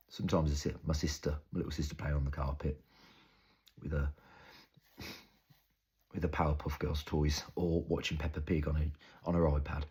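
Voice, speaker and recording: A young man performing an intense, halting, improvised dramatic monologue. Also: a bass voice, a little mellow, slightly rough. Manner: intense, halting, storytelling with heavy swearing. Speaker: actor.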